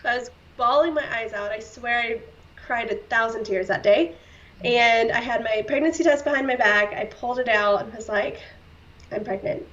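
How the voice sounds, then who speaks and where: A woman with a fairly bright, highish voice tells a hard personal story as a podcast guest at a moderate pace, earnest and heartfelt, with many fillers and the odd short laugh. The recording sounds slightly distant and dull.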